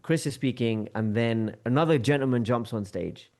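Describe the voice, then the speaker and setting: A man's voice: medium pitch, moderate pace. Man telling a story. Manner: lively, acts out quoted dialogue with shifting tone. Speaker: podcast guest. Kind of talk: storytelling anecdote in conversation.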